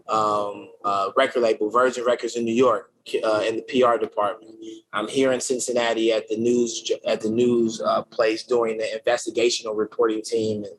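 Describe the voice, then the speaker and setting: Slangy, energetic man telling his story. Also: medium pitch, slight background noise, low-quality recording. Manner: slangy, energetic, many fillers and restarts. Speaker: podcast guest, creative director. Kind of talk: casual conversational storytelling.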